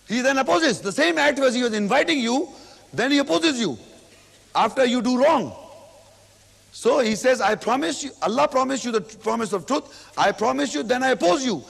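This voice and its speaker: A male lecturer with a high, gravelly voice explains scripture at a patient pace, saying each line again. He acts out quoted speech with sudden emphatic rises. The old recording carries a long hall reverb. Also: animated. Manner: repetitive, explains each verse slowly, recites Arabic then translates. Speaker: Islamic lecturer. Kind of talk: religious lecture.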